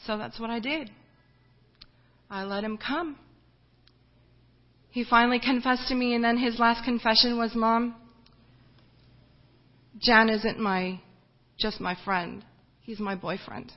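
A woman missionary giving an earnest, emotional personal testimony, often halting and restarting as she speaks. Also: a little high, lo-fi sound.

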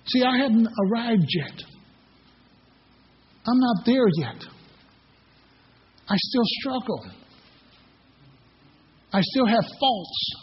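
A man's voice: extremely high pitch, animated, takes it slowly, long pauses, slightly rough. A middle-aged man preaching a sermon as pastor, telling folksy personal stories between scripture readings. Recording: echoey hall, dull lo-fi sound.

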